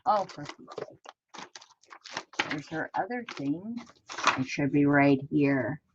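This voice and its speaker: A woman's voice: sits low, animated, slow pace, lo-fi sound, noisy background. Chatty woman crafting on a livestream. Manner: chatty, talks to herself and greets viewers by name. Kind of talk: casual livestream chat while crafting.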